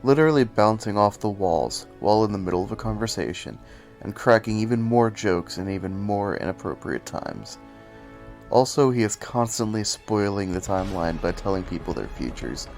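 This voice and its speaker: A man's voice: fairly low pitch, sing-song, normal speed, vocal fry, a little mellow, faint music behind. A man talking casually into the camera, rambling and poking fun at himself, sometimes breaking into cursing rants. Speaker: video essay host. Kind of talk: casual commentary.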